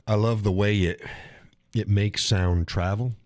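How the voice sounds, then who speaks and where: A middle-aged man with a very low voice talks casually to his live stream audience. He rambles, restarts phrases and chuckles often. The sound is dry and close, with no room echo. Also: steady tone, unhurried. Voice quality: chuckles often while talking. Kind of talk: casual solo chat.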